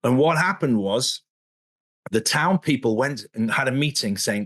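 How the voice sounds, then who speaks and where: A man in a casual video interview, telling stories in an animated way and often chuckling mid-sentence. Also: mid-range voice, unhurried.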